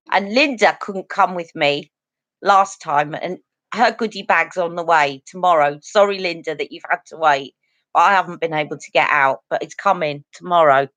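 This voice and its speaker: A woman's voice: on the low side, normal speed, a bit bright, no echo, highs cut off. Chatty woman on a live stream. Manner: chatty, earnest, talks to viewers directly. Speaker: beauty channel host. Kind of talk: casual live-stream chat.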